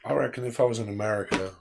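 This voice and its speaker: A man's voice: medium pitch, vocal fry, very noisy. A man who hosts a tarot livestream and chats casually with viewers, rambling and laughing often. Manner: rambling, chatty, quick to laugh. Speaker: tarot reader hosting a livestream.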